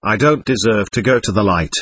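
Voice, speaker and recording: A man's voice: on the low side, brisk, a bit bright, husky, no room sound. A man voicing the ghost of a selfish man, speaking in a subdued, remorseful way. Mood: ashamed.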